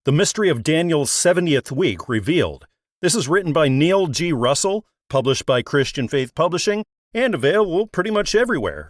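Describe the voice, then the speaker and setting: Lively-voiced male radio host. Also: fairly high pitch, no echo, clean studio sound. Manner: enthusiastic, reads book details. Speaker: interview host. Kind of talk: upbeat radio interview.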